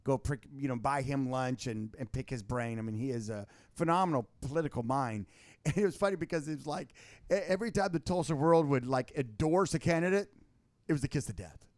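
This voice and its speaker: A man, a guest on a talk show, telling stories in casual political chat, animated and full of restarts. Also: mid-range voice, fairly quick, dry recording. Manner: animated storytelling with many restarts.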